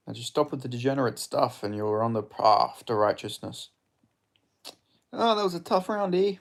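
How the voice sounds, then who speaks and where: A man streaming live fight commentary, excitable and swearing, chatting with his viewers between rounds. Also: fairly low pitch.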